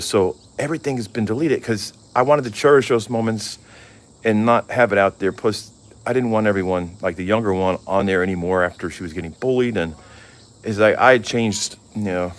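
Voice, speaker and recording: A middle-aged man vlogging in a casual, candid chat, rambling with lots of fillers. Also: fairly low pitch. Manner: rambling, candid, full of "you know" fillers.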